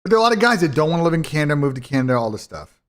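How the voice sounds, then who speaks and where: A man's voice: on the high side, sing-song, very fast. A man hosting a live esports watch party in casual, blunt, profane talk that rambles and restarts. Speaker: esports streamer and commentator.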